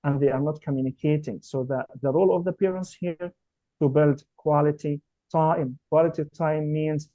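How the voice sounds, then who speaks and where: A man's voice: fairly high pitch, dark tone, no echo. Earnest man, dull dry lo-fi audio. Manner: repetitive, earnest explaining. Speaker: panelist, autism specialist. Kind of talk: webinar panel discussion.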